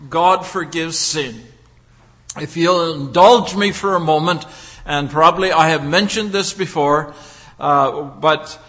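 A man preaching a sermon, building his points through deliberate rhetorical questions. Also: high-pitched, pushed and bright, long reverb tail.

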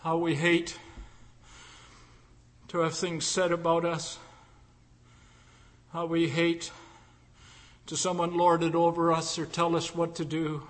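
A man preaching a sermon and leading a prayer, fervent, swinging between loud cries and hushed lines. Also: fairly high pitch, monotone, slow, long pauses, long reverb tail.

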